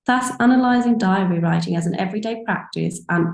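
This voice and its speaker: A woman reads an academic paper aloud in a steady, formal way, now and then correcting a word. The sound is roomy and echoing, coming through a video call. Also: mid-range voice, a little fast, gravelly. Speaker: academic speaker.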